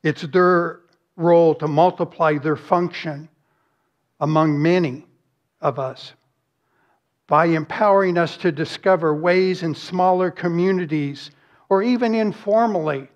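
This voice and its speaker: A man's voice: a little high, measured pace, pauses often, muffled recording. A man preaching a sermon as pastor, earnest and emphatic, with rhetorical questions and lists.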